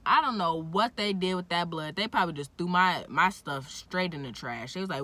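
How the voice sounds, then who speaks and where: A young woman tells a story straight to her phone camera, talking fast and getting indignant. Her voice is low-pitched for a woman but bright and forceful. A faint hiss sits under it. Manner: animated, indignant retelling with lots of "like". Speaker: vlogger. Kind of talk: casual story time.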